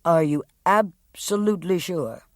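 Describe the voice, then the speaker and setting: A woman voicing a male prosecutor in an audiobook, asking formal, deliberate questions. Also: fairly low pitch, darkish tone, no room sound, clean studio sound, natural voice. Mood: questioning. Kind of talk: audiobook character reading.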